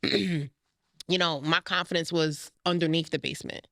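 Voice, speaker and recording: A woman's voice: deep voice, steady tone, moderate pace, gravelly, a bit bright, no room sound, studio quality. A woman in her thirties, a life coach talking frankly and with feeling about her own life in an interview. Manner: emotional, frank storytelling. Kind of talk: candid personal interview.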